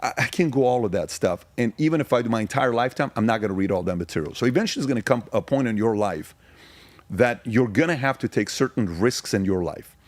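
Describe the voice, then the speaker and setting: A middle-aged man from Iran speaks as a podcast guest, in a steady, mid-range voice. He tells stories in a casual way and drives each point home with emphatic repetition. The recording is close and dry, with little room sound. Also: medium pitch, dry recording. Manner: emphatic, rapid-fire repetition. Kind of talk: casual storytelling.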